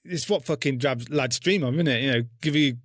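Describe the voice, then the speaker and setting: A man, an army veteran being interviewed, telling a war story bluntly with constant swearing and dark humour. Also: mid-range voice, a little fast, no echo, clean studio sound. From England.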